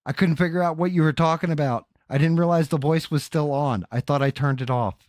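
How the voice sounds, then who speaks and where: A man's voice: a little high, fairly quick, a little mellow, no echo. A male streamer chatting casually on his stream, swearing freely and laughing often as he tells a story. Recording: dry close headset sound.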